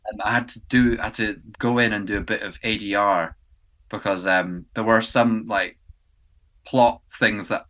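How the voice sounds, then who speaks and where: A man's voice: fairly low pitch, fairly even intonation, moderate pace, bright, forceful tone. A young man from England, an actor co-hosting a podcast, chatting casually and rambling with many ums and restarts. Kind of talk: casual chat. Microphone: podcast mic indoors.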